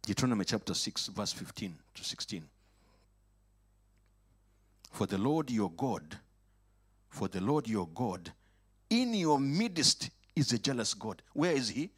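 A man preaching a sermon in a church, in a dramatic call-and-response style that moves from soft asides to loud, high exclamations. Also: big pitch swings, unhurried, pauses often, slightly rough. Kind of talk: lively sermon. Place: church or worship hall.

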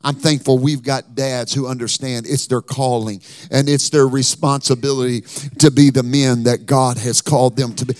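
A man's voice: medium pitch, fairly even intonation, moderate pace, no room sound. Fervent preacher man, dry close sound. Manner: fervent, rising to shouted sing-song preaching. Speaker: pastor. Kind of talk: sermon. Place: church sanctuary.

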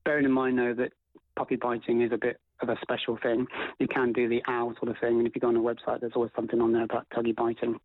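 A man talks quickly and eagerly, his words tumbling out with plenty of ums and restarts. He is on a thin, tinny phone line with a dry sound. He explains dog training as a guest on a radio programme. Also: medium pitch, dry recording. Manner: fast, animated, many fillers and restarts. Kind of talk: radio interview advice.

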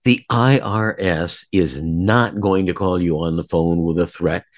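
Man, interviewer, lowish voice, dry close sound, steady emphasis. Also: measured pace, no echo. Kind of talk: interview chat.

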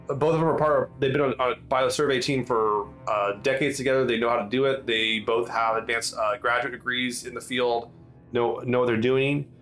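Male game master, mid voice, hesitant filler-laden narration, soft music under. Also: medium pitch. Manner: halting, filler-heavy narration with many restarts.

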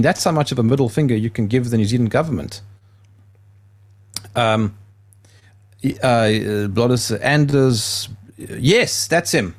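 A man hosts a radio talk show from the studio, thinking out loud as he goes. He trips over his words and restarts sentences, keeping a casual, rambling flow. His voice sits at an ordinary middle pitch.

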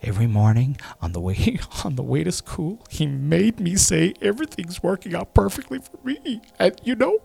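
A man putting on the high, whining voice of his grown son complaining about his dad. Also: very animated, normal speed, vocal fry, few pauses, a little mellow, husky, full character voice. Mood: mocking whine. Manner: high sarcastic complaining whine.

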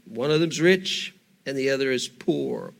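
A man preaching a sermon, retelling a story in an animated, conversational way with rhetorical questions. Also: medium pitch, a little slow, vocal fry.

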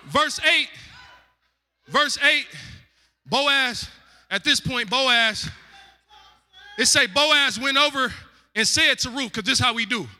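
A male preacher giving a comic, animated sermon, full of slang and shouted punchlines. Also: extremely high pitch, slow pace, long pauses. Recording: echoey hall.

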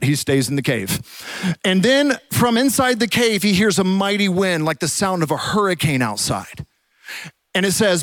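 High-voiced man preaching a sermon. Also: no echo. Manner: animated storytelling, drops to a hush for quiet moments. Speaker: pastor. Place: church.

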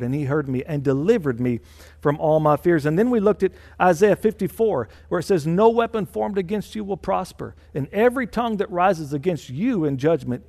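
A man's voice: a little high, a little mellow, big-room sound. A man preaching a sermon as senior pastor, emphatic and repeating phrases for stress. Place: church.

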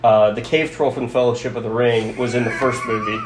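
A man's voice: mid-range voice, steady tone, fairly quick. Chatty man podcaster, echoey room. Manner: chatty, thinks aloud with many fillers. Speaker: podcast co-host. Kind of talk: casual podcast chat. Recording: echoey room with faint hiss.

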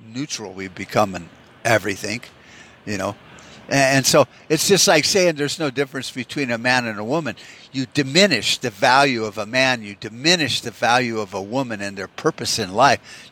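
Profane ranting man, bright voice. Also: mid-range voice. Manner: profane, ranting, heavy use of "you know". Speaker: podcast host. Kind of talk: rambling solo monologue.

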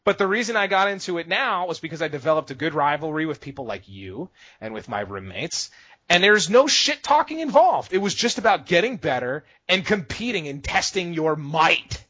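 A man's voice: fairly high pitch, big pitch swings, moderate pace, pushed and bright, no echo. A man co-hosting a casual podcast, talking emphatically and often adding "okay?" for emphasis. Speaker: podcast co-host. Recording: dull, lo-fi sound.

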